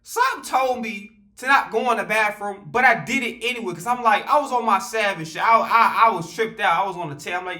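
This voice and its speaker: A man telling a casual storytime vlog, animated and profane, rambling with fillers and restarts. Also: sits high, brisk, hardly any pauses.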